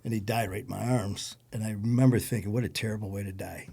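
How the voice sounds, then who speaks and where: A man with a Detroit accent, a podcast guest recounting a personal story in a low-key, conversational way. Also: steady tone, fast talker, warm tone. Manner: gravelly, low-key storytelling with acted quotes.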